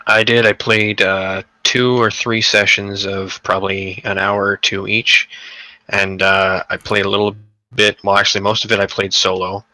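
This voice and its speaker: A man's voice: fairly low pitch, level tone, normal speed, sharp tone, no echo, poor audio. A young man co-hosting a casual gaming podcast, rambling and profane, with lots of fillers and restarts. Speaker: podcast co-host.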